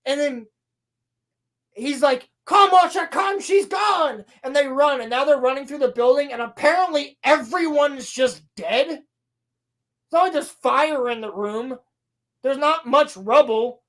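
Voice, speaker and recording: A woman with a high voice, speaking a little slowly, co-hosts a podcast and rants sarcastically while recapping a show. Swearing is frequent, and she voices the scenes as she acts them out.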